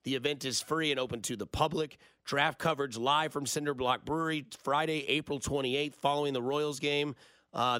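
A man's voice: medium pitch, bright, forceful tone, no room sound, studio quality. A man, hosting a sports radio show in a rambling, jokey storytelling way. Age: 30s. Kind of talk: casual radio talk.

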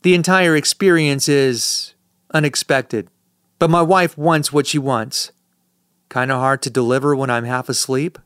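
A man's voice: medium pitch, steady tone, measured pace, fairly bright tone, clear, resonant tone, dry recording. A man narrating a first-person audiobook in a dry, sardonic manner, recorded on a close studio mic.

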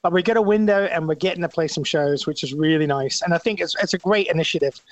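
A man's voice: a little high, fast talker, lo-fi sound. A man in his sixties with an Australian accent, a musician chatting as a guest on a radio interview, eager and rambling with many restarts.

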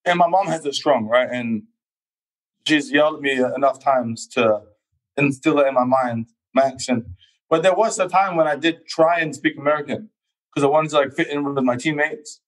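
Young London man, casual podcast guest, relaxed storyteller. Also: a little high, moderate pace, rough recording. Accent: London English. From England. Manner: relaxed, laughs easily, quotes himself in little voices. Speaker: fencer, guest. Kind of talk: casual chat.

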